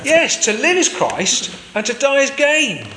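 A man voicing a calm, faithful imprisoned apostle in a retold scene. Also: fairly high pitch, normal speed, background noise. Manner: calm, assured.

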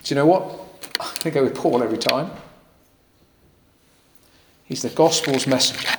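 A man preaching a sermon in a lively, conversational way with occasional fillers and jokey asides. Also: medium pitch, moderate pace, noisy background. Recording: echoey hall with long reverb.

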